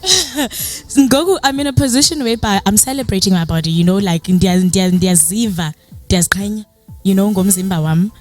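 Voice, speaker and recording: A woman's voice: medium pitch, a little fast, faint music behind. Chatty South African woman telling her story. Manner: chatty storytelling with many "you know" fillers; acts out quoted dialogue in a lively way. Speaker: guest speaker. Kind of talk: motivational personal talk.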